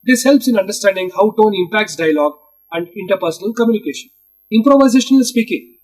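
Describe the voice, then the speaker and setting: A man's voice: sits high, expressive, fast, darkish tone, low-quality recording. A man reading lesson notes aloud as a teacher, moving steadily through headings and instructions.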